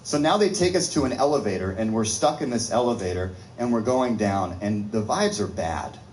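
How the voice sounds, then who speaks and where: Man, comedian, stand-up storytelling, animated, laughs as he talks, echoey room. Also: lowish voice, moderate pace, a little hiss or hum. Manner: animated, laughs through his own story.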